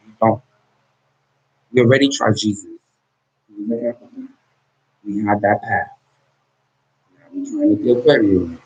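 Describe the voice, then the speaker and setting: A man's voice: on the low side, a little mellow, slightly rough. A man talking straight to the camera in an intense monologue, pleading and confrontational, often repeating and restarting his words. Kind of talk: emotional direct-to-camera monologue. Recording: dull lo-fi recording.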